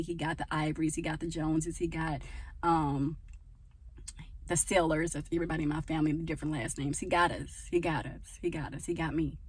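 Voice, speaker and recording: A woman's voice: sits low, darkish tone, husky. A woman chatting casually to her viewers on a phone camera outdoors, with rambling asides, calling them y'all. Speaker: vlogger. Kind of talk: casual faith-sharing vlog to viewers. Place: outdoors at her parents' home.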